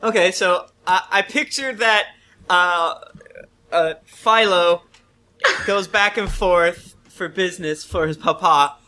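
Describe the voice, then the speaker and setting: A man chatting casually as a tabletop game player, rambling with halting restarts. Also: high voice, pushed and bright. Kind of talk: casual chat.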